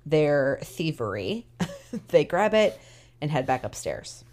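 A woman co-hosting a podcast, recapping a TV episode in a casual, animated way with emphatic opinions; she is tired. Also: low-pitched, slow pace. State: tired, yawning. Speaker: podcast co-host.

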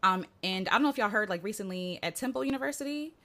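A woman's voice: medium pitch, expressive, quick pace, sharp tone. Chatty woman hosting an interview. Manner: chatty, uses filler "like" and "right?" often. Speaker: podcast host. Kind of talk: casual conversational interview.

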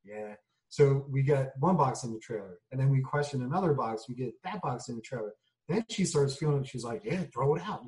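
Dark-voiced man telling a lively story. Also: mid-range voice, a little fast. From United States. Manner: animated storyteller acting out quotes. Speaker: guest, junk removal business owner. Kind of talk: conversational storytelling. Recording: voice a bit distant from the mic.

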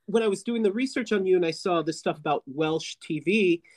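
A man's voice: high voice, brisk, slight background noise. An American man hosting an interview podcast, casual and self-deprecating, with hesitant starts. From United States. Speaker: podcast host.

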